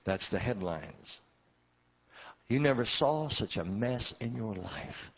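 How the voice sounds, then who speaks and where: A very low-voiced man preaching his own story from the pulpit. His delivery swells and sinks with feeling, and the recording sounds dull and muffled. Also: animated, slow pace, slightly rough. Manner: emotional storytelling, voice swelling and dropping. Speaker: pastor. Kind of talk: sermon testimony.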